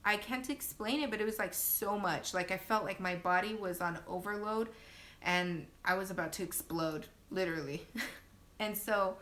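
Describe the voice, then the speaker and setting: A young woman casually telling her birth story on a phone live stream, chatty and laughing often, acting out quotes in sudden loud high bursts. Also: normal speed. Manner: laughs often, many fillers.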